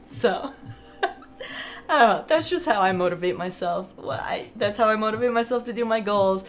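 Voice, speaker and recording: A woman's voice: medium pitch, normal speed. A woman vlogger talking casually to camera, chatty and rambling, laughing often.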